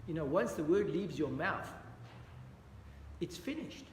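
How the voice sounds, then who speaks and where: Bible study teacher, male, high voice, echoey hall with long reverb, faint background ambience. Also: expressive, a little slow, slight background noise. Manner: earnest, questions the audience, repeats "dear friends". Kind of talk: interactive Bible study lesson.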